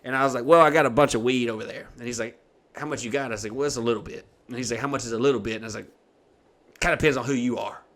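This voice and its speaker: Young guy telling a funny story on a podcast, cussing, doing little voices, regular pitch. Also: very fast. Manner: profane, animated, acts out quoted people. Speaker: podcast host. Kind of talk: casual comedic storytelling.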